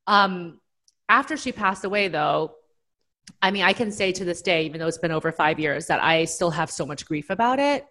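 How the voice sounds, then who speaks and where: Woman from Taiwan, psychologist guest, calm and explanatory, reflective interview answers. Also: fairly low pitch.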